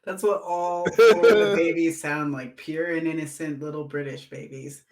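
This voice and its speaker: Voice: mid-range voice, normal speed, crowd noise. Co-host grumbling in playful drama. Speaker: podcast co-host. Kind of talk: casual banter.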